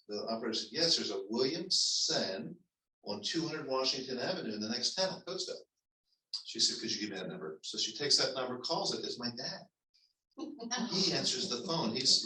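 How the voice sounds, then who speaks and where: A man who is a pastor, telling a personal story to his congregation in a conversational, halting way with restarts. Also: medium pitch, sharp tone. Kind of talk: storytelling sermon. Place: church sanctuary. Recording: echoey church hall, mic at a distance.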